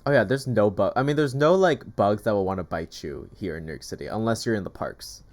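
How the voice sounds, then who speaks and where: A man's voice: lowish voice, animated, fairly quick, darkish tone. A man in casual chat, telling stories with lots of "like" fillers. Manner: chatty storytelling, heavy use of "like". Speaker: gaming YouTuber. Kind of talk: casual chat while eating.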